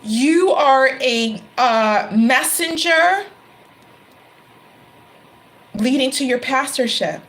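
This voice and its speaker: A woman's voice: sits high, takes it slowly, fairly bright tone, poor audio. A middle-aged woman giving a tarot reading to camera, emphatic and given to repeating her phrases and exclaiming. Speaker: tarot reader.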